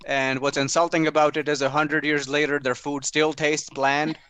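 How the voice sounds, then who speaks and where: A man's voice: a little high, flat delivery, normal speed, bright, forceful tone, clear, resonant tone, dry recording. A man doing a sardonic stand-up set at a small open mic, mocking people with put-on voices. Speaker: stand-up comedian.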